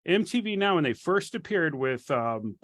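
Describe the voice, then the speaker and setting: Eager, slightly high-voiced man. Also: very animated, normal speed, a bit bright. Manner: eager storyteller, enthusiastic. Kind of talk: casual chat.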